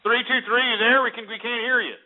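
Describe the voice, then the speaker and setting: A man's voice: very high-pitched, little pitch movement, fast talker. A man hosting a call-in radio show, ranting and insulting callers in an abrasive manner. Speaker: radio host. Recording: tinny phone-like audio.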